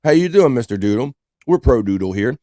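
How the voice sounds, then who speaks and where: A man's voice: mid-range voice, big pitch swings, fairly quick, mellow, no room sound, studio quality. Laid-back American man hosting a live stream. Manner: laid-back, reads chat messages aloud. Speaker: livestream host. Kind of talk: casual live show chat reading comments.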